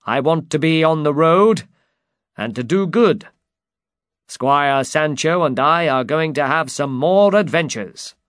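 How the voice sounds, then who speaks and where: A man's voice: a little high, lively intonation, takes it slowly, a bit bright, dry recording, clean studio sound, pitched above the performer's own voice. A man voicing a proud, deluded old knight who declaims boldly in a storybook reading. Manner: bold, commanding, declaiming.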